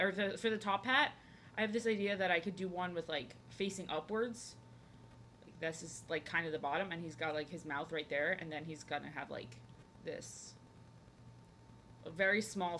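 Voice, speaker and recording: Her voice is lowish and fairly bright as this art streamer draws and chats casually with viewers. She rambles, talks to the chat, and leans on "like," over slight background noise.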